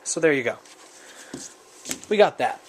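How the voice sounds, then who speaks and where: A man casually reviews his survival gear on camera, rambling and joking off the cuff. His voice is a little high and animated, with a measured pace. He is off-frame and picked up by the camera mic, with a little hiss or hum.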